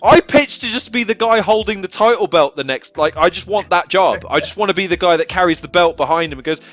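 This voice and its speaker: A man, an interview guest, telling rambling, animated stories in casual chat and laughing often. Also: high-pitched, fast talker, dry recording, faint music behind.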